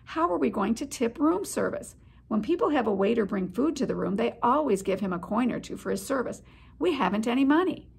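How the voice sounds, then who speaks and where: A woman's voice: a little high, lively intonation, a little fast, creaky, a little mellow, breathy edge, full character voice. A woman reading aloud, voicing a fretful mother mouse in an anxious, fluttery way. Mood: worried.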